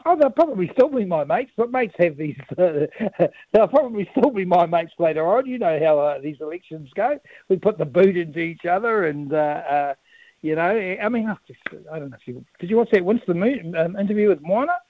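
A man's voice: high voice, animated, a little fast, no room sound. A man with a New Zealand accent, a politician calling in to a radio interview, rambling and laughing often, with lots of fillers. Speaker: politician guest, campaign director. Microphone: phone. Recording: tinny phone line, dry.

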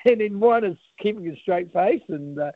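A man's voice: sits high, animated, moderate pace, no echo. New Zealand man on a tinny phone line. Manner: rambling, laughs often, lots of fillers. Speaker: politician guest, campaign director. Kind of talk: phone-in radio interview.

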